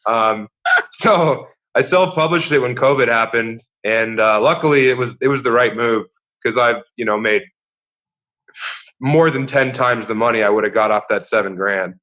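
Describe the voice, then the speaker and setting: A man chats as a guest comedian, telling stories in a dry, deadpan way. His tone is bright and sharp. The recording sounds slightly dull and lo-fi. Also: mid-range voice, normal speed. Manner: dry, wry storytelling with deadpan jokes. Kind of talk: casual chat.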